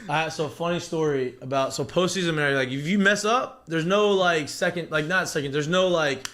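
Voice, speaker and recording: A man's voice: a little high, a little fast, echoey room. A young man telling baseball stories in casual chat, swearing freely and acting out what others said. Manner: animated, swears freely, acts out quotes. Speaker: former college baseball player, podcast guest.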